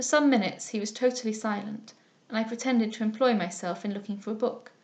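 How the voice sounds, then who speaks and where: The narration of this classic novel comes from a female audiobook reader with a mid-range voice. Her storytelling stays calm, even and measured throughout.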